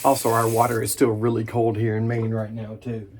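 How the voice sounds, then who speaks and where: A man in his thirties hosting a casual shaving vlog at his bathroom sink, relaxed and enthusiastic, humming in approval. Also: on the low side, fairly quick, a little hiss or hum. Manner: relaxed, enthusiastic, chatty with small hums of approval. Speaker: wet shaving channel host. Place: home bathroom at the sink, indoors.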